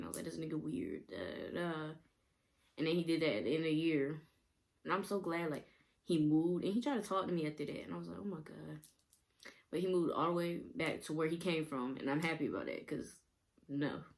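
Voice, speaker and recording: A young woman vlogger rambling through a casual storytime, laughing often and using many fillers. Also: deep voice.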